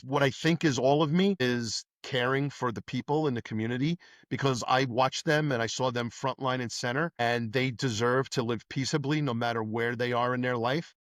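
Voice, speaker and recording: New man telling animated stories. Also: medium pitch, no room sound, studio quality. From New York. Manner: animated anecdotes with acted-out dialogue. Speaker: podcast guest, former police detective. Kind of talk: casual storytelling interview.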